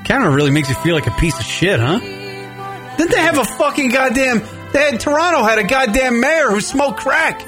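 A man co-hosting a show in casual chat, ranting and swearing with loud bursts. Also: very high-pitched, sing-song, brisk, music in the background. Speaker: podcast co-host.

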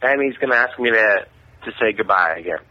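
A man's voice: lowish voice, expressive, a little fast, no echo. A man calling in to a radio show for the third time, chatty and wry. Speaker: caller. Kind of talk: phone call to a radio show. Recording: muffled phone line.

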